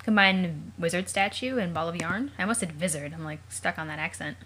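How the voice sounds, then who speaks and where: Chatty woman reading aloud with jokes. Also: mid-range voice. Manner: chatty, joking asides, wondering aloud. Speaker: let's play host. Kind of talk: casual read-aloud with commentary.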